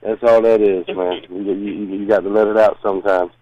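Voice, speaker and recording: A man's voice: lowish voice, level tone, normal speed, mellow, dry recording. Man, radio co-host, laid-back, muffled dry recording. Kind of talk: casual sports talk.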